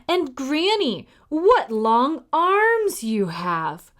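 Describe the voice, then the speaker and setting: A woman's voice: high voice, wildly swooping pitch, very slow, fairly bright tone, pitched above the performer's own voice, full character voice. A woman voicing a polite, innocent little girl in a read-aloud fairy tale. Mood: wondering.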